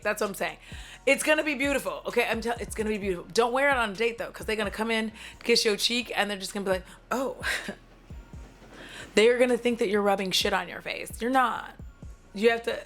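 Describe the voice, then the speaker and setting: Chatting at home in a mid-range, fairly bright voice, this beauty vlogger casually reviews makeup. Her talk is dramatic and full of profanity, frequently drifting into small vocal noises.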